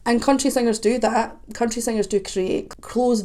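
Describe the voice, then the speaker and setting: A woman's voice: mid-range voice, steady tone, mellow. Chatty woman vocal coach reacting. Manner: analytical, breaks off to sing snippets; chatty, quick asides. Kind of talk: reaction video commentary.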